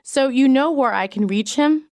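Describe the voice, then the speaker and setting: A woman reading business English sentences aloud in a measured, clearly enunciated way. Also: sits high, darkish tone, dry recording, studio quality. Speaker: English phrase reader. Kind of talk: slow read-aloud example sentences.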